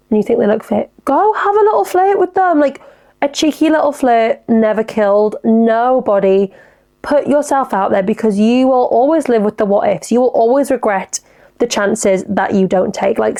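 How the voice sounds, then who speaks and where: Young woman, casual podcast chat, frank, animated, gravelly fry. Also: medium pitch. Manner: chatty, frank, sweary, animated. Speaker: podcast host. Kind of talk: casual solo podcast chat, reading listener dilemmas.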